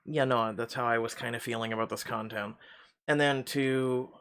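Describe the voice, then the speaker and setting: A man's voice: medium pitch, steady tone, normal speed, a bit bright, clear, resonant tone. A man who reads story games aloud and then talks casually, hesitant and full of fillers when off script. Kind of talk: story narration and casual outro chat.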